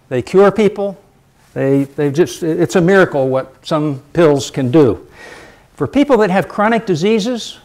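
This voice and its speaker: Man, middle-aged, public lecture, emphatic, repeats points, slightly high voice. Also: a little mellow.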